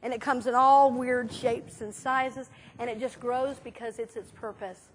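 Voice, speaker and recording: A woman minister giving a conversational sermon, telling stories in a chatty, animated way with many fillers. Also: a little high, measured pace, a little hiss or hum. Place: church sanctuary.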